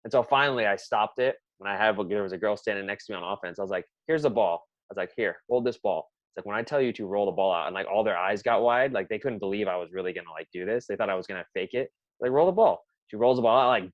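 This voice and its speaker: A man's voice: on the low side, quick pace, hardly any pauses, no room sound, muffled recording. A man who coaches basketball, chatting casually on a podcast and telling practice stories as he acts out his players' reactions.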